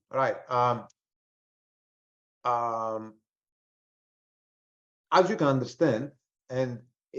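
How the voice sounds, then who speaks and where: Guy in his 40s rambling thru a trading webinar, lots of restarts, kinda dull lo-fi audio. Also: medium pitch. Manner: rambling, frequent restarts and fillers. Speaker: webinar presenter, trader. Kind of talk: live webinar talk.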